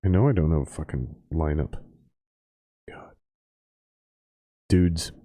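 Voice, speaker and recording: A podcast host with a slow, dark bass voice, recorded with no room sound, drinks while talking on his casual show. He swears and grumbles to himself in exasperation, mixing a profane rant with phone chat.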